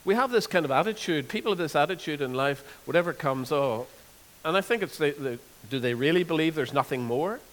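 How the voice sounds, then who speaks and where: A man preaching a sermon, earnest, repeating words and slowing down to stress scripture. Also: fairly high pitch, expressive, fairly bright tone. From Northern Ireland. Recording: long hall reverb.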